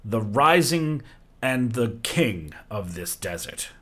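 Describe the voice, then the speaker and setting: A man's voice: medium pitch, very animated, takes it slowly, sharp tone, exaggerated voice. A man voicing a huge, proud male fire giant king who speaks grandly and theatrically. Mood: grand, amused.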